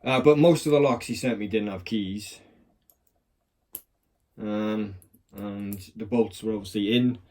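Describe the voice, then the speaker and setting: A man with a lowish, somewhat mellow voice talks a little slowly and pauses often. He's a lock picking hobbyist chatting casually while demonstrating, rambling and swearing with self-mocking humor, recorded on a phone held in a clamp.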